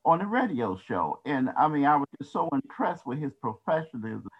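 Man on a call, earnest tribute, halting delivery, dull lo-fi sound. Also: mid-range voice, very animated, slightly rough. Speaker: radio show cohost. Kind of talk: remembrance on a call. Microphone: video call.

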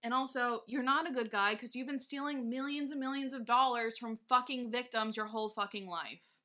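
A woman's voice: fairly high pitch, normal speed, pushed and bright. A woman co-hosting a casual chat, ranting indignantly and swearing freely. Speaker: podcast co-host.

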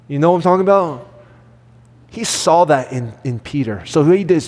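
Earnest male pastor, higher-pitched voice, preaching with lively swings in loudness, long hall reverb. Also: moderate pace. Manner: earnest, swings between loud emphasis and soft acted quotes. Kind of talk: sermon.

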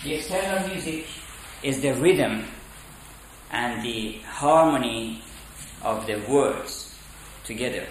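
A man giving a spoken lecture on poetry, deliberate and halting with many fillers. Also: medium pitch, slight background noise. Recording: echoey room.

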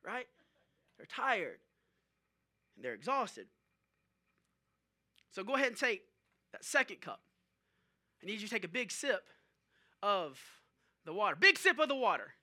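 A male pastor preaching a sermon, animated and joking, talking straight to the congregation. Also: high-pitched, unhurried, long pauses. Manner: animated storytelling with jokes and audience asides.

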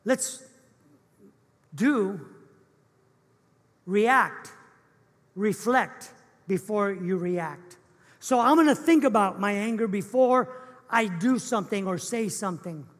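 A man's voice: sits high, lively intonation, takes it slowly, pauses often. A man preaching a sermon as pastor in an earnest, emphatic, repetitive way. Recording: echoey church hall.

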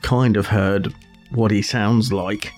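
A man's voice: lowish voice, steady tone, slow pace, soft background music. A man co-hosting a casual podcast chat, laughing often and explaining his points with examples. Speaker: podcast co-host.

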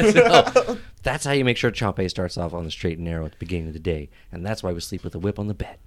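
A man on a comedy podcast telling a long absurd story, rambling with lots of filler words and slipping into whispers and shouts for the bits. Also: low-pitched, racing. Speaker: podcast co-host.

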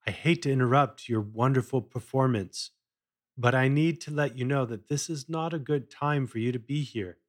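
A man voicing a polite, determined young boy who speaks calmly. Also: mid-range voice, normal speed, lightly acted. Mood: polite, firm. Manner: polite, calm.

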